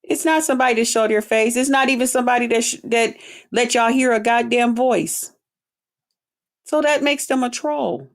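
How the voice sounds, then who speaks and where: On her livestream, a woman delivers a foul-mouthed rant to chat, blunt and full of sneering drawled quotes. Her pitch is on the high side and her pace is normal.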